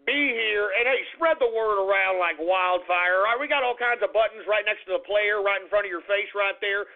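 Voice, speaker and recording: A man rants through a radio sign-off in a high, gravelly voice. He swears freely, repeats his lines and sounds tinny, as if over a phone line. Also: a little fast. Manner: profane, blustery, repeats himself. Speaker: radio talk show host. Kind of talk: casual ranting radio monologue.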